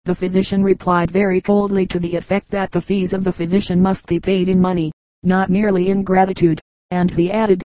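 A woman narrating an audiobook of humorous anecdotes in an even, unhurried reading voice. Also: lowish voice, no echo, poor audio. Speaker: audiobook reader.

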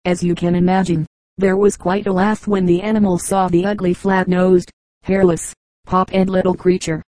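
A woman reading children's fables aloud in a measured, steady storybook narration. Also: lowish voice, no room sound, low-quality recording. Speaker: audiobook reader.

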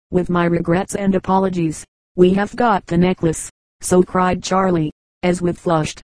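A woman reading a children's story aloud as an audiobook narrator, in an even, measured way. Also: on the low side, no echo, low-quality recording. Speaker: audiobook reader. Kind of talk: scripted narration.

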